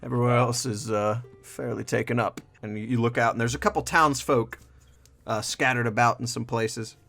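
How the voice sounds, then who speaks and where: A man's voice: medium pitch, fairly even intonation, moderate pace, gravelly, a bit bright. Man narrating as game master. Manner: loose, descriptive, many fillers.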